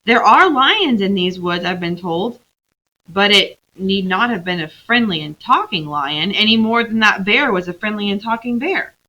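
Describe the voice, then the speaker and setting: A blunt, doubting male dwarf who lays out plain practical reasons, read aloud by a woman. The voice stays close to the reader's own, bright and lively. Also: mid-range voice, normal speed, muffled recording.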